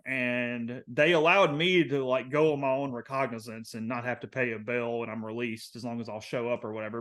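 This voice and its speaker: Here a podcast co-host, a young Southern American man, spins out a lengthy story in a casual, rambling way. His pitch is medium, his speech is crowded with fillers, and he becomes animated along the way.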